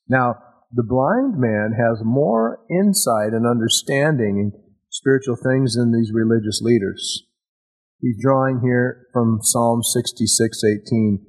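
A male preacher giving a sermon with a husky, slightly breathy voice at a middle pitch. He talks in a casual, eager way and often doubles back on his words. The delivery is enthusiastic and plainspoken rather than formal. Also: takes it slowly, poor audio. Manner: conversational, enthusiastic, with repeated restarts.

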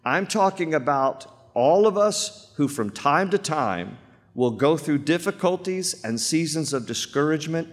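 A man's voice: a little high, lively intonation, unhurried. A man, a pastor, preaching a sermon to a church congregation, emphatic and repeating phrases for weight. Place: church sanctuary. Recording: long reverb of a church hall.

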